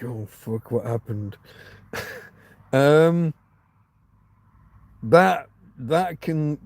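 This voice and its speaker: A man's voice: medium pitch, darkish tone, no room sound. A middle-aged man hosting a livestream, talking in a loose, rambling way, often breaking off and restarting, with casual swearing. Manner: chatty, self-interrupting, swears casually. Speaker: livestream host.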